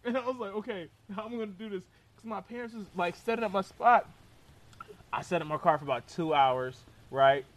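Young man, high-pitched, casual storyteller who laughs through his own anecdote. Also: brisk. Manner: animated, laughs through the telling. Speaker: storyteller guest.

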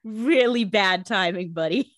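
A woman co-hosting a casual podcast chat, animated and playful, laughing often. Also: medium pitch, unhurried, dry recording, clean studio sound. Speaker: podcast co-host.

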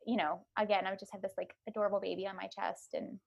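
A woman's voice: mid-range voice, fast talker, creaky. Guest woman, thirties, casual chatty storyteller, mid-range voice, lots of filler. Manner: animated storytelling, many likes and ums. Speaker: podcast guest.

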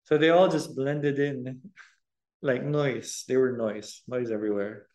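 A man's voice: mid-range voice, steady tone, slow, a little mellow, roomy sound. A man co-hosting a podcast, talking earnestly about dating with frequent ums. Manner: earnest, hesitant with ums, laughs often. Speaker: podcast co-host, boyfriend of host. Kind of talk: casual relationship chat.

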